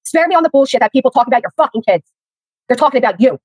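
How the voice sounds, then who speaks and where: Angry philly woman ranting on stream, loud and abrasive, a bit high. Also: animated, racing, no room sound. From Philadelphia, USA. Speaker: livestreamer. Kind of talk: angry livestream rant.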